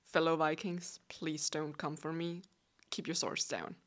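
A woman in her twenties with a Danish accent, hosting a relaxed solo podcast in a chatty, playful, self-deprecating way; English is not her first language. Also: low voice, unhurried. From Denmark. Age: 20s. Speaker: podcast host.

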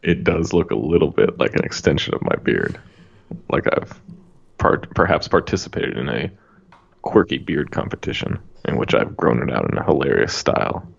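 Man doing a husky, mock-seductive voice pressed to the mic, extremely low and gravelly, dull lo-fi sound. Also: sing-song, normal speed, full character voice. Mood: mock-sultry. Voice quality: deep, gravelly, close to the mic. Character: man in a deep, breathy put-on seductive voice.

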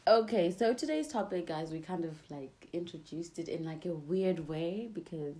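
A young adult woman with a fairly low voice co-hosts a casual chat podcast at a moderate pace, giggling and rambling with many "likes." It's recorded on a phone, with music in the background.

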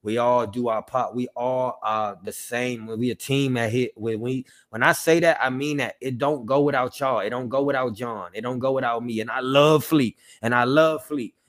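A man's voice: medium pitch, normal speed, few pauses. A young man co-hosting a podcast, talking in an emotional, apologetic, profane way with lots of repetition. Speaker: podcast co-host. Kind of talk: emotional personal monologue.

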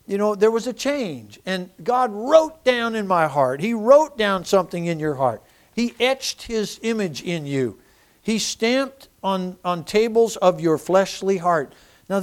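Man preaching with a high voice. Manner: animated preaching with restarts and personal testimony. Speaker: pastor. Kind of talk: sermon.

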